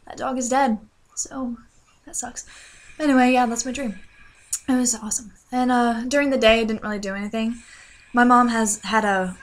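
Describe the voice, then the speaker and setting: A young woman, probably a teen, casually rambling through a dream story, with lots of "like" and fillers, and a runny nose. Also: medium pitch. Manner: chatty, lots of fillers, animated voices in quotes. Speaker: vlogger.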